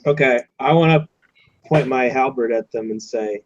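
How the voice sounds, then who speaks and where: A man playing a tabletop game, quick and threatening in character. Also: medium pitch, muffled recording. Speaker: player. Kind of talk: tabletop role-play.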